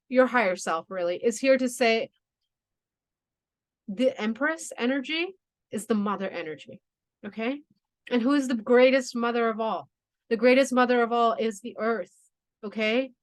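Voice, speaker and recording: A woman doing a spiritual tarot reading, talking in a soothing, reassuring way with many "you know" and "okay" asides. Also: fairly high pitch. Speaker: tarot reader.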